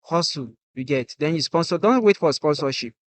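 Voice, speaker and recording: A man's voice: fairly high pitch, expressive, normal speed, no echo. Nigerian man, dry and earnest. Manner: earnest, repeats "you get" often. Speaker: guest musician. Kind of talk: casual podcast chat.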